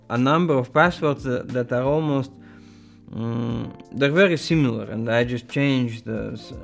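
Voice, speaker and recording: A man's voice: medium pitch, gravelly. A man hosting a casual show, reading viewer emails aloud and adding playful asides. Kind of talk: casual chat.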